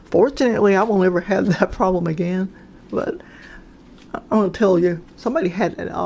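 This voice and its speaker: A woman's voice: medium pitch, gravelly, darkish tone, slight background noise. A woman casually telling personal paranormal stories, rambling and hesitant, with frequent restarts and fillers. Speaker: storyteller sharing paranormal experiences. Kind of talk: casual spoken storytelling.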